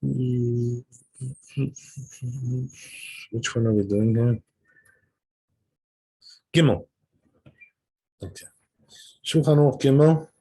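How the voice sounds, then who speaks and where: A man's voice: mid-range voice, very slow, long pauses, mellow, husky. A man teaching a text class as a rabbi. He reads passages aloud and explains them in an easygoing way, often checking in with the listeners. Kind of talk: text study lesson, reading and translating.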